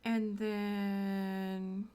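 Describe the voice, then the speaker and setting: A woman streaming a game at home, chatting excitedly and murmuring to herself as she plays. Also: mid-range voice, drawn-out words, clear, resonant tone. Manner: excitable, chatty, drifts into soft murmurs while playing. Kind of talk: casual gameplay commentary. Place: home room.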